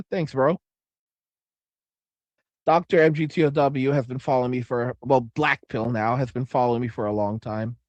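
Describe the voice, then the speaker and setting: A man's voice: medium pitch, darkish tone, no room sound, lo-fi sound. A middle-aged man hosting a casual livestream, rambling, swearing a lot and repeating phrases while he reads viewer comments aloud. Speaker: livestream host reading chat. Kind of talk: casual profane livestream chat.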